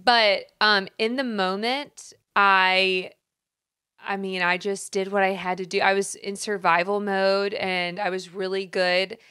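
A woman's voice: mid-range voice, flat delivery, a little slow, pushed and bright, clean tone. A woman in her thirties co-hosting a podcast, telling a personal story openly and with emotion. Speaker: podcast co-host. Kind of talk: casual podcast conversation.

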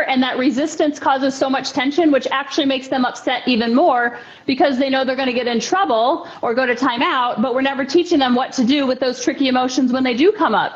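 A woman hosting a podcast who talks in an animated way and tells stories about her own family. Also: high voice. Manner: animated, storytelling, quick backchannels. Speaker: podcast host. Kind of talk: conversational interview. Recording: dull lo-fi sound.

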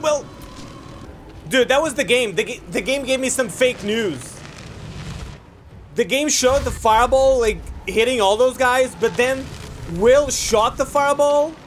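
A man with a high, very lively voice narrating his gameplay with excitable, profane commentary. He keeps reacting in exasperation, with faint game music playing behind him. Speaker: gaming video host. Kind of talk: let's play commentary.

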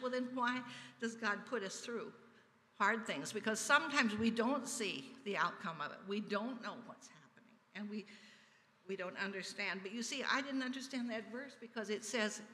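Older woman telling her story, bright, echoey. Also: a little high. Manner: earnest storytelling with soft laughs. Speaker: church member giving a testimony. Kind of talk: personal testimony in worship. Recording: reverberant church sanctuary.

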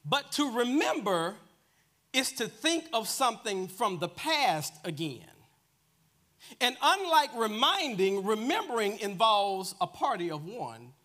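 A man's voice: sits high, sing-song, unhurried, pushed and bright. A man preaching a sermon as minister, telling a joke story with chuckles before his teaching.

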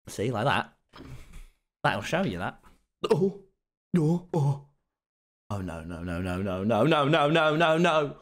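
Guy streaming a game, super animated voice, mock-angry then dry and sarcastic, swears a lot. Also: mid-range voice, slow, pauses often. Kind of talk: casual gaming livestream.

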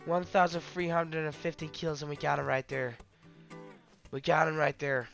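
Bright-voiced excited gaming streamer man. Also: on the high side, normal speed, vocal fry, soft background music. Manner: excitable, yelling in bursts then whispering to prey. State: hyped and emotional. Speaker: game streamer. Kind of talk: live gaming commentary.

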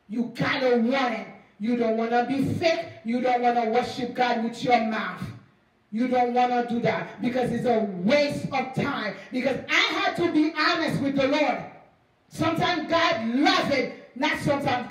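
High-voiced woman preaching in echoing hall. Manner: animated, acts out dialogues, repeats phrases for emphasis. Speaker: pastor. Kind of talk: preaching a sermon. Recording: very echoey hall, voice from far off.

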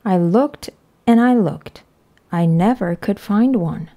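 A woman reading aloud voices a calm, fond mother, speaking gently and in a measured way. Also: medium pitch. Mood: gentle. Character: calm, fond mother who loves monster stories.

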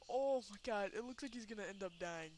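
A woman giving let's play commentary, excitable, laughing and shrieking, cursing at the game. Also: medium pitch, normal speed, a little hiss or hum. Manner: swears and exclaims at the game. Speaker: gameplay commentator.

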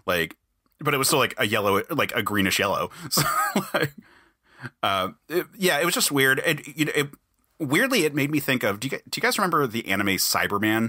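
A man's voice: medium pitch, sing-song, brisk, sharp tone, dry recording, clean studio sound. A man hosting a podcast, talking casually and enthusiastically in a rambling way with many restarts. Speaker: podcast host.

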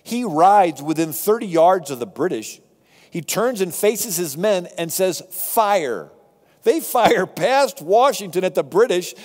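A man lecturing on history, telling it as a lively story to a live audience with asides. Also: sits high, measured pace, long reverb tail. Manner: animated, conversational storytelling with asides. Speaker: speaker on history.

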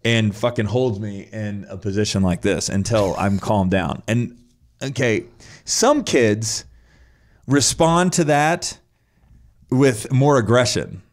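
A man's voice: fairly low pitch, slow pace. A man telling his own story in a casual, blunt and profane way, acting out his past reactions as he goes.

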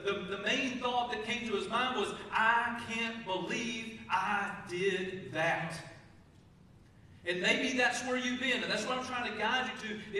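A pastor from Texas delivering a conversational sermon, asking the congregation questions and reading scripture in a church sanctuary. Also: male voice, very high-pitched, sharp tone, a little hiss or hum. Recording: echoey church hall, mic from a distance.

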